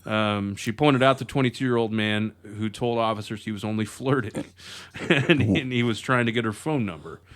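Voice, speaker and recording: A man's voice: fairly low pitch, moderate pace, a bit bright. Laid-back man reading news jokes. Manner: laid-back, reads stories aloud between chuckles. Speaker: podcast co-host reading news stories. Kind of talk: casual comedy podcast chat.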